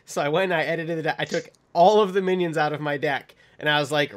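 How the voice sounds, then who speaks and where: A man's voice: a little high, fast, hardly any pauses. A man hosting a casual podcast chat about a card game, rambling along with lots of ums. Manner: rambling, many ums, laughs while telling stories. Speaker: podcast host.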